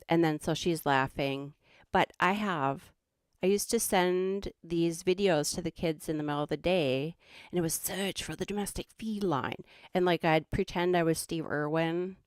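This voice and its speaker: A woman's voice: low-pitched, clear, resonant tone, no echo, studio quality. A middle-aged woman with a Minnesotan accent who hosts a livestream and chats casually in a rambling way, laughing often. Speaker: host.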